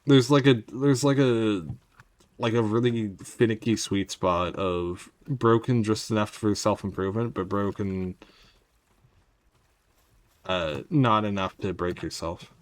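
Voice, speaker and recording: A man's voice: fairly low pitch, steady tone, unhurried, no echo. A man streaming a game, chatting casually and wryly with his viewers as he plays. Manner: rambling, wry, talks to chat. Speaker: gaming streamer. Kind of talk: casual gameplay commentary.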